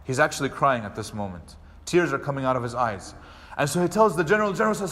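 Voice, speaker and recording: Speaking at a brisk clip, an imam narrates a story during a mosque lecture, his male voice pitched slightly high. He performs the characters' quoted lines with lively energy, and the hall's reverb hangs on long after each phrase.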